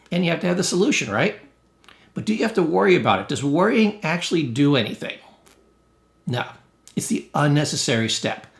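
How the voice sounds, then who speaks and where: A man's voice: on the high side, creaky. A man, a therapist, giving a blunt, emphatic motivational self-help talk with punchy, salty humor. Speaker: therapist and educator. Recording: roomy echo.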